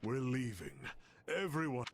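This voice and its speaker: An actor playing a cold, grim young warrior prince in a game, speaking in terse, clipped lines. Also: male voice, mid-range voice, expressive, unhurried, lightly acted. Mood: stern. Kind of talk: game character dialogue.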